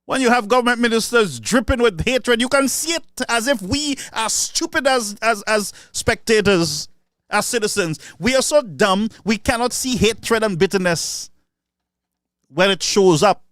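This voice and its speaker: A man's voice: sits high, lively intonation, measured pace, a bit bright, no echo, clean studio sound. A man with a Saint Lucian accent giving an impassioned political speech, sarcastic and mocking. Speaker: political commentator.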